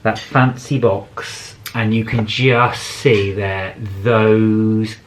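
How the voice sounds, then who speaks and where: A man's voice: fairly low pitch, fairly even intonation, extremely slow, a little hiss or hum. A man co-hosting a food vlog, chatting casually and rambling a little as he unboxes the treats. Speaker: vlog co-host. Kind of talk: casual chat.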